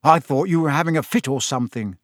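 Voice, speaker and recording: A man's voice: on the high side, fast, no echo, studio quality, close to an everyday voice. A man reading aloud and voicing a nervous, uneasy teenage schoolboy.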